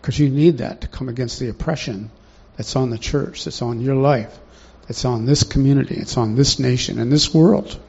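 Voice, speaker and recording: A man's voice: medium pitch, normal speed, gravelly, few pauses, darkish tone, slightly rough. A man preaching a sermon in a conversational way, often putting questions to the congregation, in a dull lo-fi recording.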